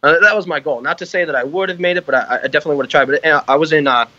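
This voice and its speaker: Male veteran guest, bright slightly high voice, giggly and profane. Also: rapid-fire, dry recording, dull audio. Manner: laughing, profane, filler-heavy. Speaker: podcast guest, army veteran. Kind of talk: casual podcast chat.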